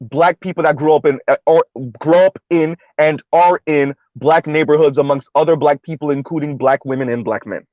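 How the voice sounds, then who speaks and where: A man's voice: on the high side, normal speed, few pauses, no room sound, highs cut off. A man hosting a commentary monologue, pressing his points with repeated rhetorical questions. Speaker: commentary video host.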